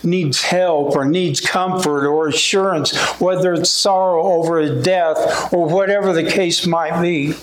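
A man's voice: on the high side, fairly even intonation, a little slow, few pauses, reverberant, slight background noise, rough recording. A man preaching a sermon in a folksy way, his voice rising when he quotes scripture.

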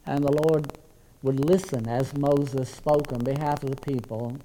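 A man's voice: mid-range voice, steady tone, a little slow, warm tone, a little hiss or hum, poor audio. A man preaching a sermon as pastor, earnest and conversational, often restarting his words.

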